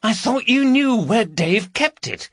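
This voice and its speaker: A man voicing a jittery, foul-mouthed woman burglar who scolds her partner in a raised, shrill voice. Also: lively intonation, unhurried, husky, dry recording, clean studio sound, heavily acted. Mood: anxious. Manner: shrill, swearing, panicky.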